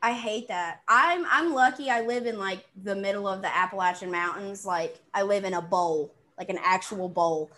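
A woman's voice: medium pitch, normal speed, few pauses, pushed and bright. A woman from Virginia hosts a laid-back interview in a medium voice. She talks loosely and fills her sentences with little fillers as she goes. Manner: casual, peppered with "like". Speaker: podcast host. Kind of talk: casual interview chat.

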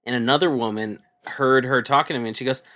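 A man's voice: medium pitch, fast talker, bright, forceful tone. A man co-hosting a podcast, telling easygoing anecdotes in casual chat. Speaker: podcast co-host.

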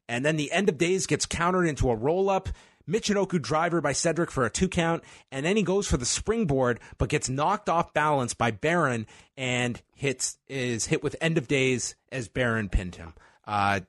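A man's voice: mid-range voice, lively intonation, moderate pace, no room sound, studio quality. A man co-hosting a casual podcast, recapping a match move by move with wry asides. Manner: play-by-play recapping with laughs and asides. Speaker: wrestling podcast co-host.

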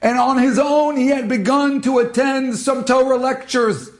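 A man voicing a tearful, overwhelmed middle-aged mother in a sermon story, his voice pitched up and choked with emotion. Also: steady tone, moderate pace, roomy sound. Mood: tearful joy.

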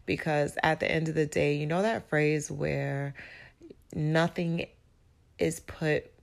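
A woman hosting a podcast in a casual motivational monologue, her voice raspy and hoarse as she recovers from illness, reflective and searching for words. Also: deep voice, fairly even intonation, slow pace. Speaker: podcast host.

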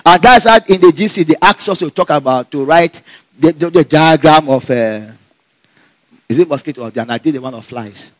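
Guy spinning a story, high voice, dry close sound, laughs a lot. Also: moderate pace, no echo. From Nigeria. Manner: animated, laughs often, acts out dialogue. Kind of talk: casual personal storytelling.

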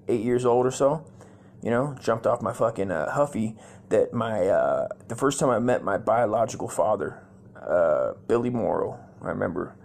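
A man's voice: fairly low pitch, creaky, a little mellow. A man in his forties from Las Vegas, telling crude stories in a loose, rambling way full of cursing, with dude and man at the ends of his lines. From Las Vegas, USA. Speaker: comedy podcast host. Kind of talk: rambling profane storytelling.

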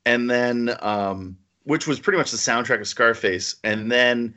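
A man in a casual podcast chat who rambles eagerly from one thought to the next. His voice has a bright, sharp edge. Fillers pepper his talk, and the recording sounds dull and lo-fi. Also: mid-range voice, a little slow. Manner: chatty, enthusiastic, with lots of "like" and "you know". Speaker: podcast co-host.

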